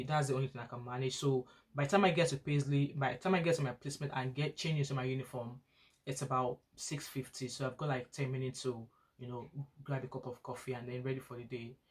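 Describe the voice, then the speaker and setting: A woman, a student nurse and mother, telling a long personal story in a casual vlog, rambling and often restarting her sentences. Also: very deep voice. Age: adult parent of school-age children. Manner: rambling, frequent restarts and repetition.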